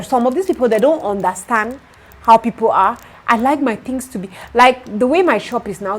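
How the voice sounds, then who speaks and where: A young woman with a Nigerian accent, retelling a story to her vlog audience in a lively, exasperated way. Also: mid-range voice. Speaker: vlogger. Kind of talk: casual storytelling to camera.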